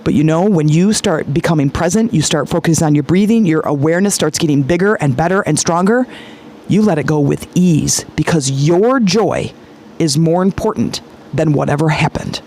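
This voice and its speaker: A woman's voice: low-pitched, normal speed, dark tone. A woman hosting a podcast as a spiritual coach, teaching in a casual, chatty way, sometimes swearing and acting out her listeners' thoughts.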